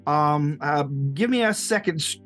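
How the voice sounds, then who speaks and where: A man's voice: fairly high pitch, expressive, unhurried, a bit bright, faint music behind. A man narrating a tabletop game as game master, loose and rambling, laughing often.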